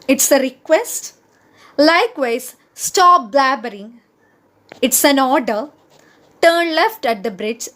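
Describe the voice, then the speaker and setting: A woman teaching a grammar lesson, spelling out each example word by word. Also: high voice. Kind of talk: slow, deliberate grammar lesson.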